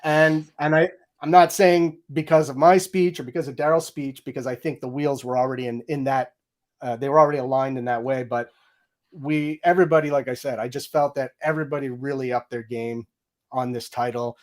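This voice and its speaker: A man's voice: mid-range voice, fairly even intonation, fairly quick. A middle-aged man telling a story with energy in an interview, acting out his own quoted lines. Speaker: guest, game audio director.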